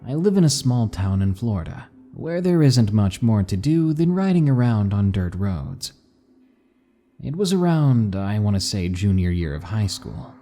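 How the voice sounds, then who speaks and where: Man, horror story narration, lively pitch, dark mellow tone. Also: a little hiss or hum. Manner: measured, dramatic reading.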